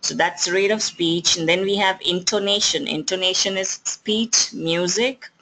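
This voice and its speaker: A communication skills trainer with an Indian English accent, lecturing at an even pace and often pausing on fillers and restarts. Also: medium pitch, rough recording. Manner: explanatory, with frequent fillers and restarts.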